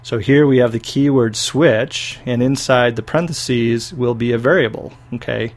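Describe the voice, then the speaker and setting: A man's voice: medium pitch, moderate pace. Man explaining code in a lecture. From United States. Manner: explanatory, frequent "okay" checks. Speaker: university lecturer. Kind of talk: recorded programming lecture.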